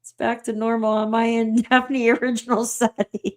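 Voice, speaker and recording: With a voice on the high side at normal speed, a woman runs a livestream, casually chatting and reading comments. She laughs often and comes across as giggly and excitable.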